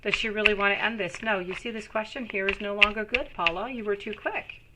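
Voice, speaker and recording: A woman's voice: mid-range voice, brisk, very noisy. A woman giving live tarot readings to viewers, reassuring and calling them sweetie. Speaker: tarot reader.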